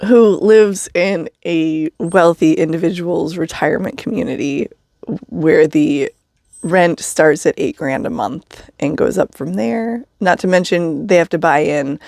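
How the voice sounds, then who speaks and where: A woman's voice: low-pitched, darkish tone, no echo. Chatty woman vlogger, dry close sound. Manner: chatty, laughs often, wry asides. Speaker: vlogger living in a vehicle. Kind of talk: casual storytelling vlog.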